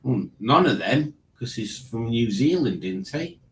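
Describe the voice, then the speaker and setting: A man's voice: mid-range voice, big pitch swings, a little slow, roomy sound, a little hiss or hum, rough recording. A man hosting a casual online quiz, reading questions and joking about them. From Liverpool, England. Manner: wry, mocking the questions. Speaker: quiz host.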